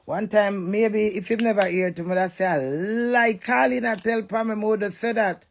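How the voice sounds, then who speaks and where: A woman's voice: medium pitch, steady tone, normal speed. A woman with a Jamaican accent in a brash, fiery, swearing rant. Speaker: social media personality. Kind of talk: ranting monologue.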